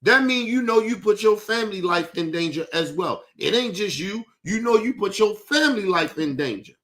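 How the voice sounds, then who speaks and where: Heated, cursing man with a high voice. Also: lively intonation, moderate pace, a bit bright. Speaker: podcast host. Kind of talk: profane rant on a talk show.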